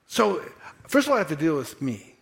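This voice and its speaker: A man preaching a sermon in church, animated and playful, acting out quotes and making asides to the congregation. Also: on the high side, fairly quick, gravelly. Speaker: pastor. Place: church sanctuary.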